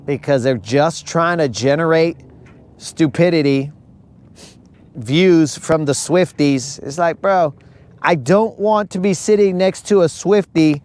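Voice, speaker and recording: A man's voice: a little high, unhurried, darkish tone. A young man hosting a fishing livestream, ranting and joking in a casual way, calling his viewers bro. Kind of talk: casual live-stream rant.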